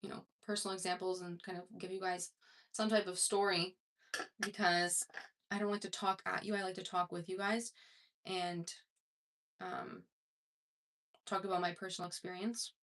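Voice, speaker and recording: A woman's voice: on the low side, normal speed, pauses often, fairly bright tone. A woman self-improvement coach talking casually to her viewers, conversational and rambling, with many fillers and restarts. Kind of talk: casual talk to camera.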